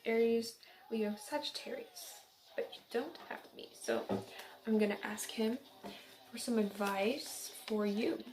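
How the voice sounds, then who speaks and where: A woman's voice: fairly high pitch, unhurried, background noise. A young woman from central Illinois giving a casual, upbeat tarot reading, chatty and giggly. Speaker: tarot reader.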